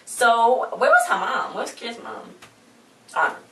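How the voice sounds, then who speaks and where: A woman's voice: fairly high pitch, animated, unhurried, a bit bright. A young woman chatting casually as a vlogger, recapping a TV episode in a rambling, slangy way and quoting the characters as she goes. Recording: echoey room, mic at a distance.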